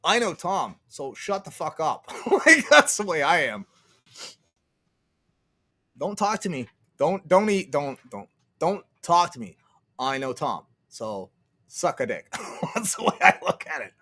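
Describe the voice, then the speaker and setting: A man's voice: on the high side, big pitch swings, unhurried, pauses often, bright, forceful tone. A man ranting on a livestream, profane and sarcastic, laughing often and answering his chat. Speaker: streamer.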